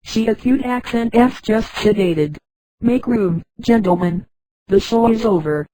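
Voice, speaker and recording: A woman's synthetic voice reading the calm lines of a male starship doctor in a spoken sci-fi story. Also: on the high side, unhurried, lightly acted, rough recording.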